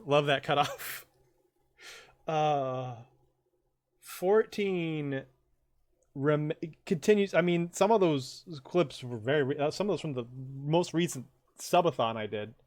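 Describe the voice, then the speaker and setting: A man's voice: a little high, lively intonation, takes it slowly, darkish tone. A man hosting a game stream, joking crudely and rambling between laughs in casual commentary.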